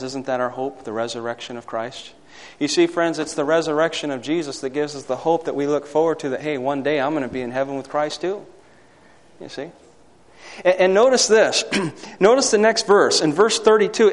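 A man's voice: a little high, normal speed. Man preaching an emphatic sermon in a reverberant hall. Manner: swings from loud emphatic peaks to quiet asides; asks the congregation for amens. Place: hall or church.

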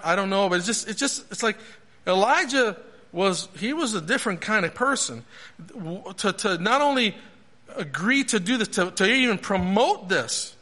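Man preaching, high voice, bright tone, questioning, animated storytelling. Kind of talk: sermon.

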